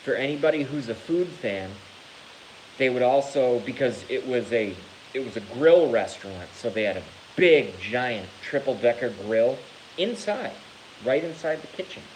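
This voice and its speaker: A man vlogging to his channel in a casual rant, animated and theatrical, swearing freely. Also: mid-range voice, moderate pace, slight background noise, poor audio. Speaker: YouTube vlogger.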